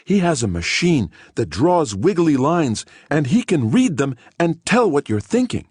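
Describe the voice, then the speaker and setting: A man's voice: a little high, very animated, measured pace, husky, no room sound, pitched above the performer's own voice, heavily acted. An earnest, kindly woman in her fifties with a fussy, pitying way of talking, put on by a male audiobook narrator. Her voice sits well above his usual register and swoops about as she frets over the stranger, all in a dry, close storybook recording. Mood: eager.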